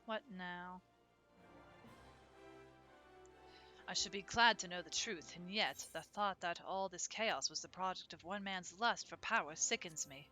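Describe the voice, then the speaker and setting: A woman's voice: on the low side, normal speed, hardly any pauses, pushed and bright, faint music behind. A woman voicing a stiff, formal young nobleman in a game, with old-fashioned phrasing. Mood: troubled.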